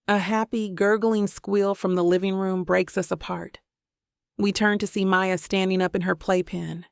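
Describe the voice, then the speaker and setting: Woman reading a romance audiobook, flat steady delivery, dry close sound. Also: mid-range voice, creaky, smooth, dry recording. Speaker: audiobook narrator. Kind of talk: first-person romance audiobook narration.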